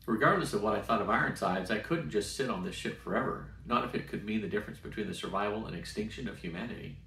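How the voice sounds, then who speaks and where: Older man reading a story aloud, low voice. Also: a bit bright, a little hiss or hum. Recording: roomy sound from a distant mic.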